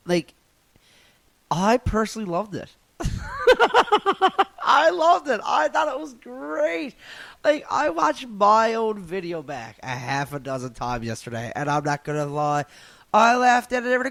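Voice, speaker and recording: A man's voice: fairly high pitch, a bit bright, no room sound. A man with a Newfoundland accent, ranting casually and profanely into his phone at home on the couch, laughing at his own jokes. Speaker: podcast host and stand-up comic. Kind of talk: casual solo rant.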